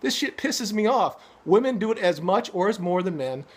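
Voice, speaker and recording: A man's voice: sits high, expressive, normal speed, breathy edge. A middle-aged man ranting angrily to his viewers, swearing often and stumbling over restarts. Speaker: vlogger. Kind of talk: angry opinion rant to camera.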